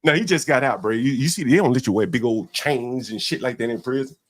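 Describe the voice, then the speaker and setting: A man's voice: mid-range voice, fast talker. A man co-hosting a casual call-in livestream, laughing often and drawing out his exclamations. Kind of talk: casual live-stream chat.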